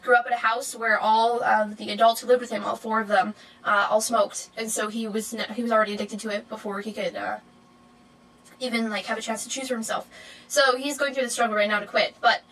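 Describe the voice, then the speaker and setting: Bright, rambling young woman. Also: a little fast, poor audio. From Canada. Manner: rambling, lots of fillers and self-corrections; animated, jumps to high squeals. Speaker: vlogger. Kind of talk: casual chatty vlog monologue.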